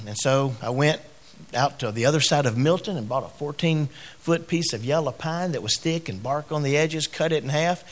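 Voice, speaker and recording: A middle-aged man preaching a sermon as a pastor. He tells a personal story in quiet, halting phrases and grows louder and higher when he exhorts.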